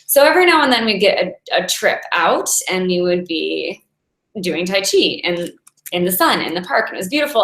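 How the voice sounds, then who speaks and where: A woman's voice: mid-range voice, fairly bright tone. A woman in her forties, a Taoist meditation teacher, giving a casual inspirational talk in a chatty way and laughing often as she tells stories. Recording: roomy echo.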